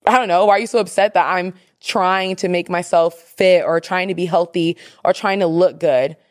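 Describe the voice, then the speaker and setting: A woman's voice: mid-range voice, darkish tone, dry recording, studio quality. A young woman hosting a casual advice podcast, chatty and opinionated, reading listener questions and mimicking people playfully. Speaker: podcast host.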